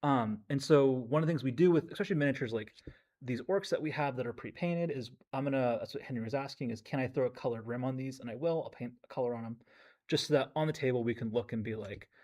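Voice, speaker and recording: A man's voice: medium pitch, fast, darkish tone. A man painting miniatures at a game store on a livestream, explaining things to viewers in a casual way with plenty of ums and likes. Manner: explaining to chat with fillers.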